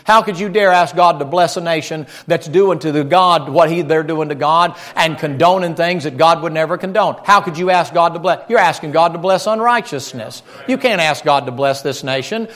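A man preaching a folksy, animated sermon and joking with his congregation. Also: a little high, normal speed, hardly any pauses.

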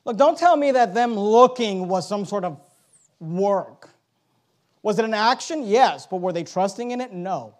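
A man preaching a sermon, reading scripture aloud and swinging between loud, emphatic exhortation and low, urgent asides. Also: animated, a little slow.

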